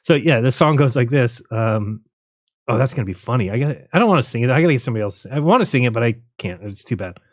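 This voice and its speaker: A man's voice: medium pitch, expressive, fast, dry recording, clean studio sound. A man hosting a casual livestream, rambling and joking, often laughing at his own jokes. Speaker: livestream host.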